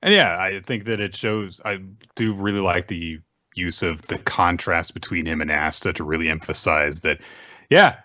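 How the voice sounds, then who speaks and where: Deep bright-voiced man, laid-back. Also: normal speed, dry recording, lo-fi sound. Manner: relaxed, hesitant with fillers and laughs. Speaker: podcast co-host. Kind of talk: casual manga recap chat.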